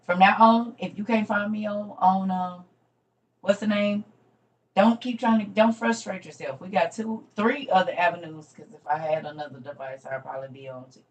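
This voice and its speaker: A woman hosting a casual ministry livestream, chatting with viewers and calling them "y'all", going from loud bursts to murmured asides. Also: on the low side, lo-fi sound.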